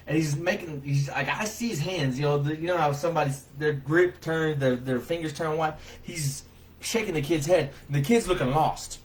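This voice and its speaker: A man telling a personal story to camera in a casual, colloquial way, getting loud when he acts out what he said. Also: on the high side, normal speed, poor audio. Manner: animated, loud when reenacting his own words, colloquial with "y'all".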